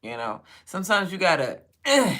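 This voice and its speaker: A woman's voice: lowish voice, big pitch swings, moderate pace, a bit bright. A mother talking casually to her livestream, profane and playful, laughing often.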